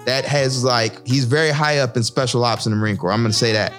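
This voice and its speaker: A former Marine officer speaking in an impassioned discussion, emphatic, with a lively swinging pitch and frequent checks of "right?" and "you know?". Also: male voice, quick pace, soft background music.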